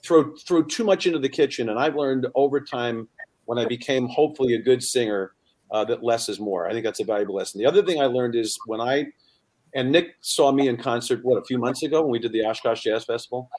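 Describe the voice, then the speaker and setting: A middle-aged man, a singer, chatting casually and telling stories and jokes with lively voices. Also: mid-range voice, a little fast. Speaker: singer and guest.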